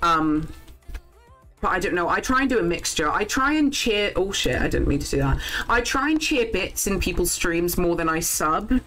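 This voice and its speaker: A young woman, chatting casually while live-streaming a farming game, thinking out loud and swearing when things go wrong. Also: fairly low pitch, expressive, normal speed, soft background music, low-quality recording.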